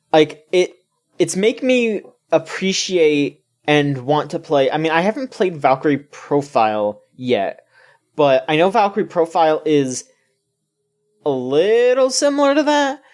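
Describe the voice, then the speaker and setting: A man's voice: a little high, takes it slowly, long pauses. Ranting, foul-mouthed podcast co-host man. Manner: ranting, profane, animated. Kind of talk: casual gaming podcast chat.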